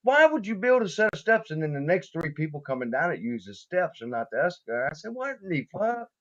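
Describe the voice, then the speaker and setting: A man's voice: on the high side, expressive, fast. A man hosting a casual stream, telling crude, joking stories and laughing often. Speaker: stream host. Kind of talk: casual chat. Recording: muffled lo-fi stream audio.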